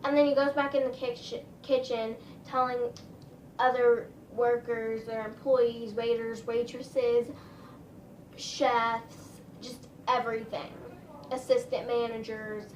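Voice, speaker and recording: A woman's voice: fairly high pitch, little pitch movement, slow, recorded from a distance. A woman telling a story in a casual, rambling way, full of "like" and "um". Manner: chatty, rambling, lots of "like" and "um". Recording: roomy, a little off-mic, faint room noise.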